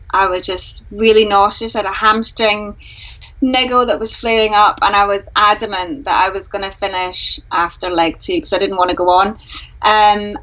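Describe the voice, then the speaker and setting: A woman's voice: medium pitch, bright, forceful tone, muffled recording. A woman from Scotland, a guest on a live-streamed video call, answering frankly and thoughtfully with many fillers. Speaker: ultra runner guest.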